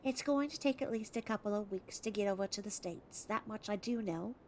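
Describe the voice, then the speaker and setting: A woman putting on a gentle Australian letter writer. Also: mid-range voice, brisk, a little hiss or hum, natural voice. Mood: earnest, kind. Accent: put-on Australian. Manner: earnest, heartfelt letter reading. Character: gentle caring Australian woman in her thirties writing a letter.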